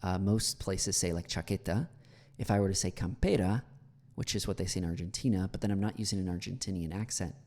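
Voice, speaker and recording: Mellow-voiced American man in a reverberant room. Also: deep voice, a little fast. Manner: chatty, many fillers, repeats words for analysis. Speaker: English teacher. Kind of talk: critiquing a speech clip.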